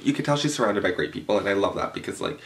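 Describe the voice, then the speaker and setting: A young man from Canada telling a storytime vlog in a casual, animated way, full of swearing and fillers, acting out the voices of the people in the story. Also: on the low side, racing. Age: young adult. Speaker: vlogger. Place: room at home, tablecloth backdrop.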